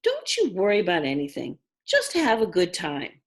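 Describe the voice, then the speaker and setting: A woman's voice: on the low side, wildly swooping pitch, normal speed. A woman voicing a doting mother who coos sweetly over the phone in a storybook reading. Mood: cooing. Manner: cooing, sweet.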